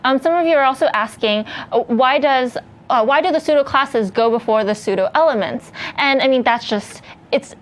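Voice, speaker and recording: A woman's voice: sits high, normal speed. Woman co-host relaying viewer questions. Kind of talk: live coding lesson.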